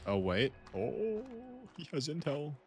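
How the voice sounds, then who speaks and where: This gaming streamer has a fairly high voice and is very animated yet takes his time, with soft music in the background. Chatting casually while playing, he rambles and muses to friends, filling his speech with "like."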